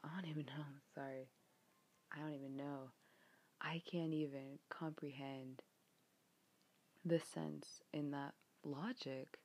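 A young American woman ranting in a frustrated, exasperated way, swearing often, her voice getting a bit hoarse. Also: low-pitched, warm tone. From United States. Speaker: vlogger. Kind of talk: rant vlog.

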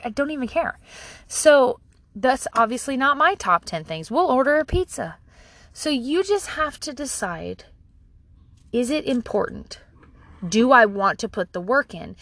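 A woman's voice: on the high side, a bit bright, dry recording. A woman in her thirties hosting a podcast, talking candidly and swearing casually with self-deprecating humor. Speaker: podcast host. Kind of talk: casual solo podcast monologue.

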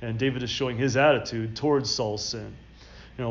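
A man's voice: mid-range voice, steady tone, brisk, muffled recording. A man preaching a sermon, explaining a Bible passage and reading scripture aloud with rising emphasis. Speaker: pastor. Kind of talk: expository sermon.

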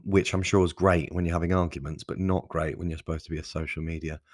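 Male podcast host, deep voice, rambling and self-mocking, dry close-mic sound. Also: a little mellow, no echo. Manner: rambling, self-deprecating, sprinkled with mild swearing. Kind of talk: casual solo podcast monologue.

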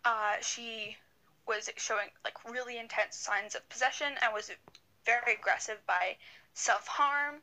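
Young woman podcast co-host, bright and a bit high, chatty and rambling, on a video call. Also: fairly even intonation, unhurried, poor audio. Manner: rambling, many fillers and restarts. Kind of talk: casual storytelling chat.

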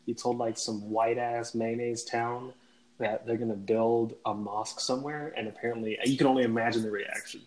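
A man's voice: mid-range voice, fairly even intonation, moderate pace, darkish tone, low-quality recording. A man co-hosting a podcast, chiming in with casual, slangy remarks. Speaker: podcast co-host. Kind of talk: casual chat.

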